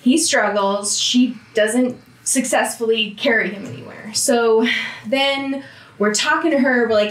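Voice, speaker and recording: A woman gives an animated recap of a tabletop game, acting out each character's lines in quick little voices. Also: a little high. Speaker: player. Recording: roomy, distant call audio.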